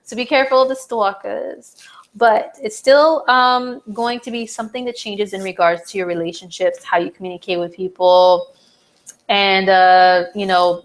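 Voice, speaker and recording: A woman hosting a live horoscope stream in a casual, chatty way, full of "like" and "um", her voice slightly hoarse. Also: medium pitch, fairly bright tone. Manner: chatty, lots of "like" and "um", reads viewer comments aloud.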